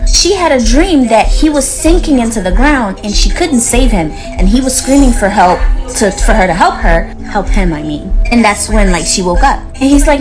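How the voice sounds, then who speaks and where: A woman's voice: fairly high pitch, animated, moderate pace, hardly any pauses, low-quality recording. Chatty woman telling a story over music. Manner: chatty, recounts dialogue with lots of "like". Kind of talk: casual storytelling.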